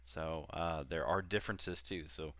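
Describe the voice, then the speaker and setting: A man's voice: very deep voice, fairly even intonation, a little slow, background noise. A man teaching a recorded online class as a flight instructor, explaining casually with frequent fillers and restarts.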